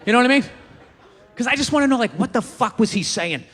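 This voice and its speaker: A man doing a stand-up comedy routine, rambling and swearing through animated rants. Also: very high-pitched, quick pace, breathy edge, in a large hall. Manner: profane, rambling, animated rants with acted-out quotes.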